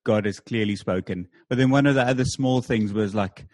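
A man, a church planter, telling anecdotes in a lively interview with fillers like "um" and "like". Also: fairly low pitch, fairly quick, no echo. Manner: animated anecdotes with filler words. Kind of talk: conversational storytelling.

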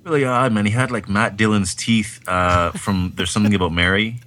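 Low, bright-voiced man, rambling and enthusiastic. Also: steady tone, brisk. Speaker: podcast co-host. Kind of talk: casual film-review chat.

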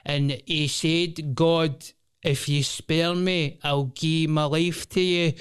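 A man's voice: on the high side, steady tone, slow pace, clear, resonant tone, pitched above the performer's own voice. A Scottish man voicing his old-school dad, who breaks into crooning and rambles about random trivia. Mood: rambling.

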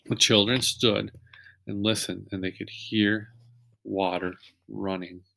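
Man reading a children's book aloud, low-voiced. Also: vocal fry, slight background noise. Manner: steady read-aloud, pausing to ask young listeners questions. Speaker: reader.

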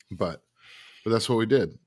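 A man's voice: lowish voice, a little mellow, husky, dry recording, studio quality. A man co-hosting a podcast, telling a rambling story in a laid-back, casual way with casual swearing. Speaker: podcast co-host.

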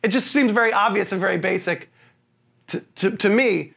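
A man co-hosting a casual film review podcast, ranting with profanity, laughing through his complaints and mocking the characters in quick put-on lines. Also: sits high, gravelly, a bit bright. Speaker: podcast co-host.

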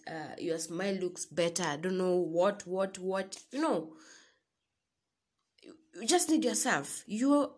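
A woman's voice: mid-range voice, breathy edge. A young Kenyan woman giving a casual motivational talk to her listeners, preaching and calling them sis. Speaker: vlogger.

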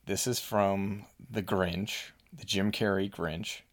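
A young man chatting on a video call, easygoing and quick to apologize, playing a movie-quote guessing game with a friend. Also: sits low, steady tone. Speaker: game player. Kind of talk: casual chat.

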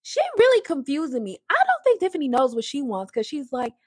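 A woman's voice: high-pitched, huge pitch swings, brisk, a little mellow, dry recording, studio quality. A woman giving a chatty, opinionated casual recap of a reality show, often acting out the people she talks about. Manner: chatty and opinionated, with frequent "like" and restarts; acts out the people she discusses in raised voices. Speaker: reality TV commentator.

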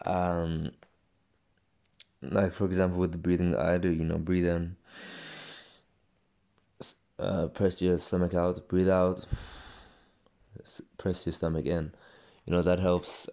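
Young male podcast host, rambling and halting, deep fry-heavy voice, slightly dull recording. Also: little pitch movement, mellow. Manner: rambling, halting, many restarts and fillers. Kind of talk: solo casual podcast monologue.

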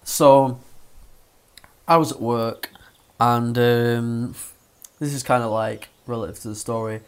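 A young man, telling a story in casual chat, sweary and animated. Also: mid-range voice, slow, smooth. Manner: sweary, animated, acts out voices in his stories.

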